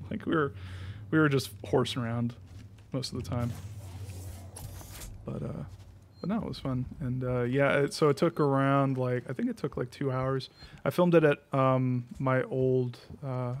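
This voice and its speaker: A man's voice: medium pitch, steady tone, moderate pace, a little hiss or hum. Rambling, laughing young male streamer. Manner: rambling, swears freely, laughs often. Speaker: game streamer. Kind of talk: casual chat while playing.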